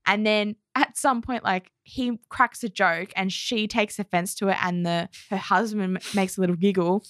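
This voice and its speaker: A woman co-hosting a chatty podcast, telling workplace stories with a lot of animation and laughter. Her voice sits at a middle pitch and is recorded close and dry, with no room sound around it. She leans into her retold quotes. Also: moderate pace, few pauses, a bit bright, no echo. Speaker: podcast co-host. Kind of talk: casual chat, storytelling.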